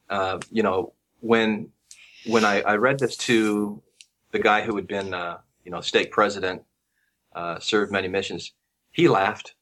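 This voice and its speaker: Relaxed low-voiced man telling stories. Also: a little hiss or hum. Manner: relaxed, halting with frequent restarts and fillers. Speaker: guest researcher. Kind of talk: casual storytelling conversation.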